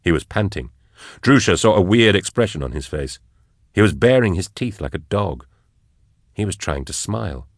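A man narrating an audiobook in a measured, dramatic way. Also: deep voice, animated, dry recording, clean studio sound.

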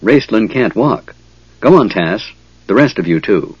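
A man's voice: on the low side, expressive, unhurried, husky, no room sound, highs cut off. A man voicing a weary male half-elf leader who speaks in a steadying, reasoning tone. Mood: wary.

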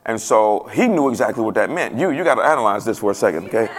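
A man preaching a sermon in a casual, playful way that swells to loud emphasis now and then. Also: on the low side, animated, fast. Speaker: pastor.

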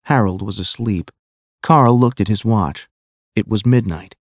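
A man narrating a graded-reader audiobook in a clear, measured way. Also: on the low side, no echo.

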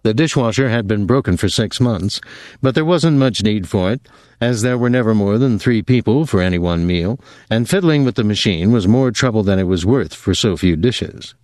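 A man giving a measured, even audiobook narration of a novel. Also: lowish voice, dry recording. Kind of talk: scripted narration.

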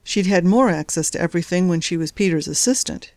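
A woman reading a novel aloud as narrator, in a measured, even storytelling delivery. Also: on the low side, no room sound. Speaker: audiobook narrator. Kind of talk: scripted narration.

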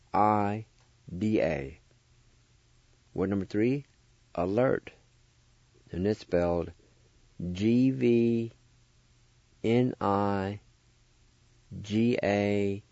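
A man hosting a radio language lesson, spelling words out letter by letter and repeating each syllable slowly and deliberately. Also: on the low side, warm tone, no echo, highs cut off. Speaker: radio host teaching language vocabulary.

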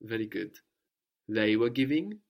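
A man's voice: on the low side, very animated, unhurried, gravelly, darkish tone. A man teaching a language lesson, patiently prompting with questions and repeating each answer.

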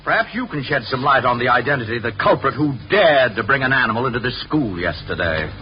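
A man's voice: mid-range voice, animated, fast, close to an everyday voice. An actor playing a stern, pompous male school official in a 1950s radio sitcom, heard in a dull old radio broadcast with faint hiss.

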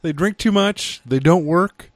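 A man co-hosting a casual film review podcast, laid-back and offering trivia and quick asides. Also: on the high side, no room sound, clean studio sound. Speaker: podcast co-host.

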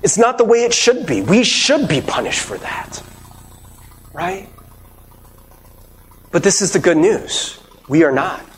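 High-voiced, lively preaching pastor. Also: male voice, measured pace, long pauses, in a large hall, slight background noise. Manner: earnest, conversational preaching with rhetorical questions and asides. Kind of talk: sermon.

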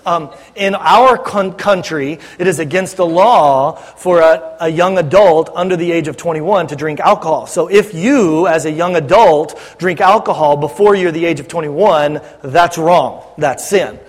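A pastor delivering a sermon in a loose, conversational way, teasing his congregation and checking they're listening. His voice sits high for a man. The sound rings with a long hall reverb. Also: unhurried, hardly any pauses. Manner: conversational, joking, addresses congregation directly.

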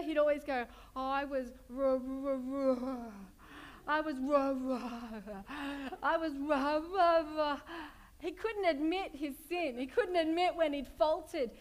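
A middle-aged woman preaches a sermon in a high voice. She retells the story expressively and keeps turning to the congregation with rhetorical questions.

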